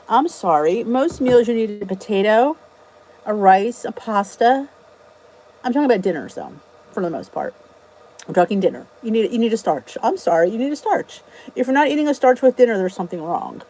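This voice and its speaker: A woman's voice: on the high side, expressive, normal speed, warm tone, poor audio. A middle-aged woman from New Jersey hosting a casual live chat. She is chatty and emphatic and repeats her key points. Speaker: vlog host answering live chat.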